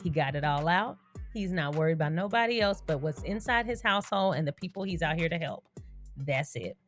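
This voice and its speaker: A woman's voice: low-pitched, animated, a little fast, soft background music. A young adult woman hosting a casual commentary vlog, chatty, with slangy asides and frequent laughter. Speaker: YouTube commentary host.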